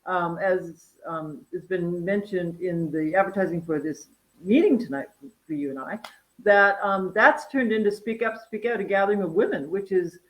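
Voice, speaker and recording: A woman in her fifties from North Dakota, a guest chatting casually about her wellness farm, animated and full of fillers and laughs. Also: fairly low pitch, normal speed, poor audio. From North Dakota, USA. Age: 50s. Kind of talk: casual interview chat.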